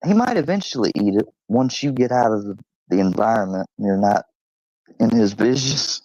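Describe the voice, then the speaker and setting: Animated man telling a story. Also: brisk, dry recording, lo-fi sound. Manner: animated, swearing, high-pitched when imitating animals; coos at his dog in a high sing-song. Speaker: streamer. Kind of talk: casual storytelling to camera. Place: at home with his dog.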